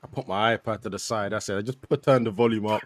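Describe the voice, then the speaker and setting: A man, a podcast co-host telling stories in a casual, animated way. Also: fairly low pitch, fast talker, dry recording. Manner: animated storytelling with lots of laughing. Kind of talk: casual chat.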